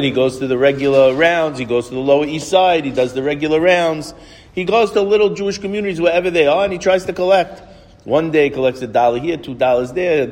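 A man telling a story as a Torah lesson to a small group, lively and often restarting his phrases. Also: a little high. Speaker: Torah teacher. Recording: reverberant room with faint noise.

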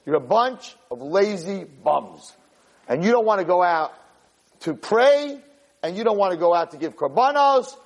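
A man's voice: high-pitched, sing-song, measured pace, big-room sound, full character voice. A man voicing Pharaoh as a scornful, scolding king during a sermon. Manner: taunting, scolding. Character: scornful ancient male Egyptian king, harsh taskmaster.

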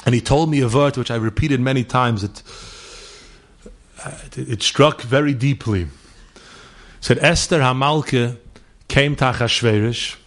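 A middle-aged man delivers a holiday sermon as a string of stories, his voice sitting at an ordinary pitch. He weaves Yiddish and Hebrew words into his English and speaks the lines of the people in his tales. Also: moderate pace, long pauses. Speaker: rabbi giving a holiday talk. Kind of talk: sermon with storytelling.

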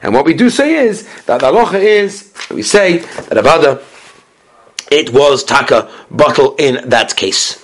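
Animated man teaching Talmud. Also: on the high side, unhurried. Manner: chants Aramaic text then explains in English, questions and answers himself. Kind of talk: Talmud class, reading and explaining Gemara.

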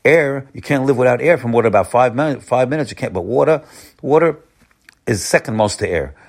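Man, gravelly voice, informal Torah lesson, repeats himself, swings between high emphatic and low quiet lines. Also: animated, fairly quick. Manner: repeats words often, rising with emphasis and dropping low. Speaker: rabbi giving a Torah talk.

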